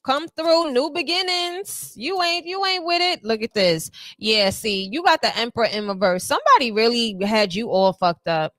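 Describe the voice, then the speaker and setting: A woman with a high voice reads tarot cards for her viewers in a sassy, slangy way. She tosses off quick, playful asides and acts out little quoted lines. The sound is dry and close. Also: expressive, fairly bright tone, no echo. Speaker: tarot reader.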